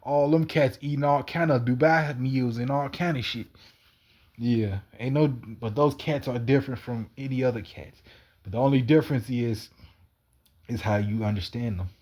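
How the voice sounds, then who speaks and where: A man's voice: medium pitch, moderate pace, darkish tone. A man in a rambling, wandering monologue, repeating himself and swearing casually. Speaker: cat feeder.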